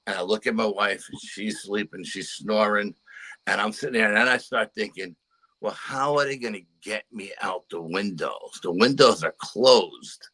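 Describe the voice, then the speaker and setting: Older man with a bright, forceful voice. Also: lowish voice, moderate pace, poor audio. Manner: earnest storytelling with repeated "you know". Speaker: paranormal investigator guest. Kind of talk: storytelling interview.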